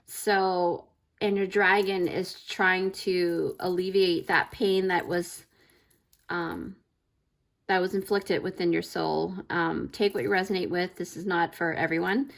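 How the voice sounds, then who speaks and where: A woman doing a casual tarot reading as a channel host, rambling with many fillers and restarts, warm and affirming in a spiritual way. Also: lowish voice, steady tone, measured pace, gravelly. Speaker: tarot reader.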